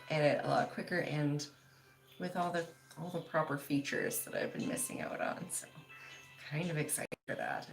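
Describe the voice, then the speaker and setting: A woman's voice: low voice, vocal fry, slight background noise. A woman hosting a casual livestream, chatting loosely with lots of "like" and laughing often as she reads viewer comments. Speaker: livestream host.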